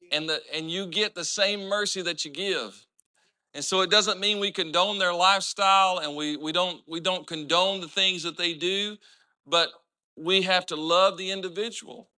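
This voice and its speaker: A man's voice: high-pitched, pushed and bright. A man preaching a sermon as pastor, driving his points home with rising emphatic lines and slipping into plain storytelling between them.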